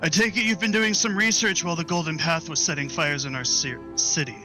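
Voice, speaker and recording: A man's voice: fairly high pitch, steady tone, brisk, bright, forceful tone, faint music behind. A man voicing a wry, passive-aggressive male noble in a tabletop game. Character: male noble head of family, wry and cutting.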